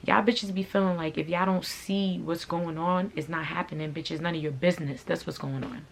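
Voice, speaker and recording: Low-voiced woman on a blunt, profane rant. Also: steady tone, brisk, gravelly, a little hiss or hum. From from a Haitian family. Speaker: vlogger and clothing brand owner. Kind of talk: storytime rant to camera.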